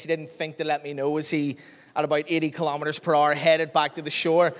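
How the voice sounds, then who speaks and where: A man preaches in a church hall, telling stories with animated energy and acting out every line of dialogue. His voice sits a little high, and a long reverb trails behind it. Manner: lively, animated storyteller who acts out dialogue. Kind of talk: storytelling sermon.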